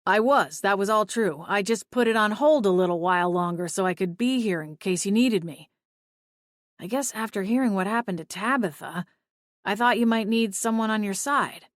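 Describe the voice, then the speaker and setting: A woman voicing an earnest, apologetic young man with a gentle, sheepish manner, in a dry audiobook reading. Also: mid-range voice, moderate pace, no room sound, natural voice.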